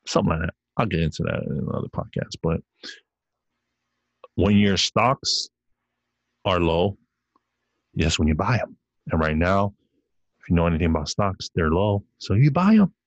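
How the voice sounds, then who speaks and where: Husky low-voiced man ranting on a podcast. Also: steady tone, moderate pace, pauses often, no echo, highs cut off. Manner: rambling, profane, heated. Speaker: podcast host. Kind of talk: solo podcast rant.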